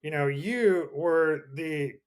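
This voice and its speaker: A man's voice: fairly high pitch, slow. A man hosting an interview who asks short questions that steer the talk. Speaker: podcast host.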